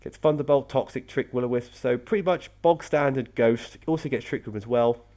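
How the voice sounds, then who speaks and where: A man's voice: mid-range voice, a little fast, mellow. A young man, casually commentating on his game team, chatty with frequent self-corrections. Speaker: competitive Pokémon player and video host.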